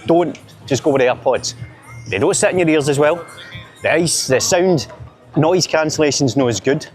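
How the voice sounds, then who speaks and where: A man's voice: fairly high pitch, lively intonation, normal speed, soft background music. Joking Glaswegian man vlogging a street walk. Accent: Glaswegian Scottish. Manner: chatty, joking, rambling banter. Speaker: vlogger filming a city walk. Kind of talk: casual walking vlog to camera. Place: outdoors on busy city streets.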